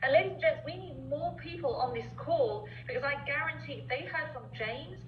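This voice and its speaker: A woman's voice: sits high, a little fast, slight background noise. A woman hosting a group video call, gushing with effusive praise as she thanks a guest. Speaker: call host. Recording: echoey, dull lo-fi video call audio.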